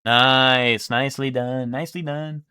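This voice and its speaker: A man's voice: mid-range voice, fairly even intonation, measured pace, sharp tone, clean tone, dry recording, studio quality. A young man streaming live, thinking aloud and guessing in casual, swearing chatter.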